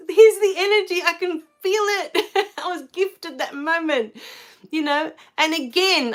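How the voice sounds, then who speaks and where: Effusive Australian woman telling her story. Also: on the high side. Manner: warm and effusive, rising to excited exclamations. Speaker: spiritual livestream host. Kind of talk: casual personal storytelling.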